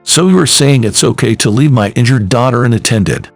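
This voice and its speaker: A man voicing a dignified male company president who speaks in a low, cold, firm voice. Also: expressive, moderate pace, soft background music. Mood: cold stern.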